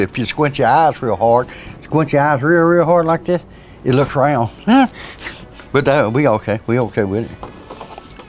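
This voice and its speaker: Man, Cajun Louisiana accent, folksy chatty cooking demo, mid-pitched voice, faint outdoor noise. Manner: folksy, chatty, says y'all a lot. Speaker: cook.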